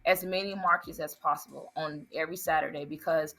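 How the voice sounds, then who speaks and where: A woman's voice: deep voice, fairly even intonation, a little fast, bright, forceful tone. A woman who owns an ice cream business, answering interview questions earnestly and politely. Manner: earnest, answers with "yes, sir". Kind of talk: interview guest.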